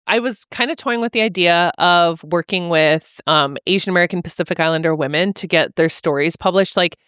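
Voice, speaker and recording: A woman's voice: on the low side, brisk, a bit bright, clean tone, no echo, clean studio sound. A woman who is an author and educator, talking casually as a podcast guest and using lots of "like" fillers. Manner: chatty, frequent "like" fillers. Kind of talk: casual interview chat.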